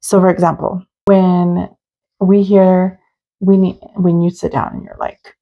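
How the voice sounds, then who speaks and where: A woman's voice: on the low side, flat delivery, a little slow, dull audio. A young adult woman hosting her own podcast, talking earnestly and openly in a personal monologue with many "like" fillers. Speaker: podcast host.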